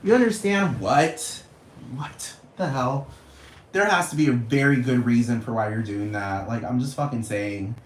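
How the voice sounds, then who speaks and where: A man's voice: medium pitch, a bit bright, roomy sound, a little hiss or hum, low-quality recording. A man ranting casually to camera, rambling and profane, repeating himself and laughing often. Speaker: vlogger.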